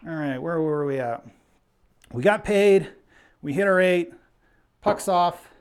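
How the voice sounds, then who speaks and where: Fairly high in pitch with lively intonation and a clean tone, this man speaks slowly while hosting a casual live stream. A bit breathless, he chats, calls his gameplay, and reads out viewers' names.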